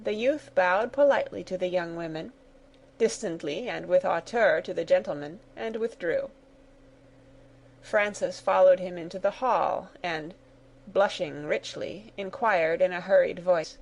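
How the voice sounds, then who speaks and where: A woman narrating a graded reader story in a steady, clear storytelling manner. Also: medium pitch, normal speed, poor audio.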